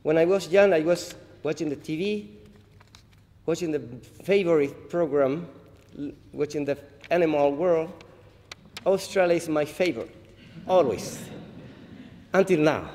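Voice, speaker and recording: A man from Paraguay, a harpist, introducing songs on stage in halting, humble English after a Spanish greeting, with pauses and restarts. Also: a little high, a little mellow, slight background noise. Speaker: harpist performer. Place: large hall, live audience. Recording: roomy hall reverb, faint ambience.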